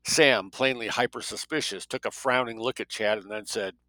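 A man reading fiction aloud in a steady, measured way. His voice is low-pitched with a sharp, forceful edge. It is recorded dry and close, with no room sound. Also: no echo, low-quality recording. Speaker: narrator. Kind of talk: audiobook narration.

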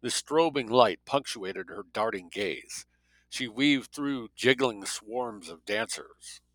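A man reading fiction aloud in a steady, measured way. His voice is low-pitched with a sharp, forceful edge. It is recorded dry and close, with no room sound. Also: no room sound, poor audio. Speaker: narrator. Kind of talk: audiobook narration.

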